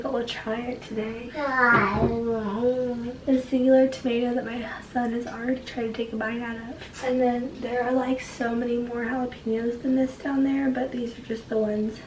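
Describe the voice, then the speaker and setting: Brief: young woman vlogger, sick and hoarse, chatty, higher voice, roomy kitchen sound from off-mic, household clatter behind. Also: warm tone, distant mic, a little hiss or hum. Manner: chatty, rambling, lots of "like". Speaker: vlogger and mother. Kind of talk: casual home vlog talk. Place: home kitchen and garden.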